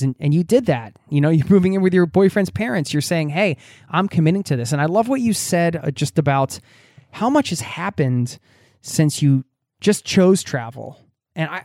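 A man's voice: fairly high pitch, no echo, clean studio sound. A man hosting a podcast, reading out and answering listener mail in an earnest, chatty way, often restarting his words. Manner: earnest, warm-hearted, many restarts and repeated words. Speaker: podcast host.

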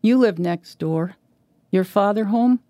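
A woman reading as a gruff contractor barking orders. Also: medium pitch, slow, dark tone, no room sound, natural voice. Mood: gruff, shaken. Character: gruff middle-aged male gravel-pit contractor, shaken.

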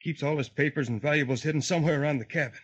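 An actor playing a panicky, weak younger brother in a 1950s radio drama, frantic and pleading. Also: male voice, a little high, very fast, slightly rough, muffled recording. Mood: subdued.

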